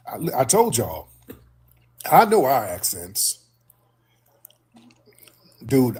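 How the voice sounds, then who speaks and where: A man hosts a call-in livestream with a husky, slightly breathy voice. He hammers his points home and says them again for emphasis. His voice sits at an ordinary middle pitch. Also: darkish tone. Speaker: host.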